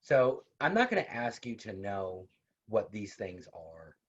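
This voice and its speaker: A man with a lowish, breathy-edged voice teaches an online university lecture unhurriedly, his pitch swinging widely. He keeps it conversational, repeats points, and drops in personal asides; the video call recording sounds dull and lo-fi.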